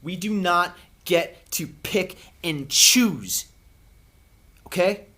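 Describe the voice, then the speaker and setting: Addressing the camera, this man delivers a fervent spiritual talk as a vlogger, sermonizing earnestly and pausing at length for effect. His voice is high-pitched with a sharp edge.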